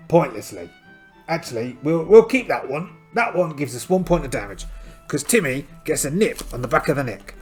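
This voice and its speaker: A man's voice: a little high, big pitch swings, moderate pace. A man playing a solo tabletop game who narrates it in a playful, storytelling way and thinks aloud over his dice rolls. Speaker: solo game player and host. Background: faint music backing track.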